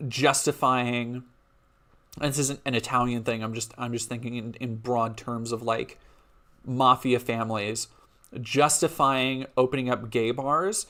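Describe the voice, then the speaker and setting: During a live stream, a man reads a history script aloud in an everyday, mid-pitched, slightly bright voice. He often breaks away for loose, laughing asides to his chat before going back to the text.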